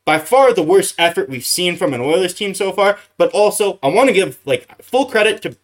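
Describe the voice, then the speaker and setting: A man's voice: sits high, lively intonation, normal speed. A man ranting casually after a hockey game, exasperated, with many fillers and restarts. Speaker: hockey streamer. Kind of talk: casual post-game rant.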